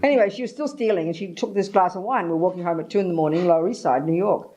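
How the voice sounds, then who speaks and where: An older woman from England with an English accent, a Buddhist teacher telling a story bluntly and lively, pausing for an interpreter. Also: lowish voice, low-quality recording.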